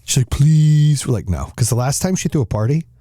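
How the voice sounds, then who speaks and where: Brief: middle-aged male host, mellow tone, dry close sound, profane animated storyteller. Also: medium pitch, very fast, breathy edge, dry recording. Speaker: podcast host. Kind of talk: casual storytelling chat.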